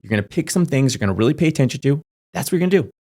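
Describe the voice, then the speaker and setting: A young crypto YouTuber talks casually to camera, giving advice rapidly and emphatically, full of fillers and checking in with "okay?". His voice is medium in pitch, expressive, with a darkish tone.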